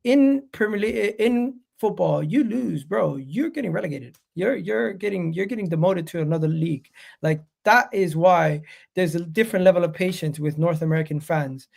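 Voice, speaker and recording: A man with a fairly high, strongly gravelly voice hosts a casual football chat. He talks bluntly and with energy, dropping "bro" into his points. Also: moderate pace, few pauses. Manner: animated, blunt, calls people bro. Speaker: podcast host.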